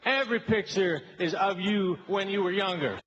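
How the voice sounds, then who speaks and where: Deadpan male comic on an echoey clip. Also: sits high, moderate pace. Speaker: comedian. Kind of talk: stand-up joke delivery. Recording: dull echoey stand-up clip with faint hiss.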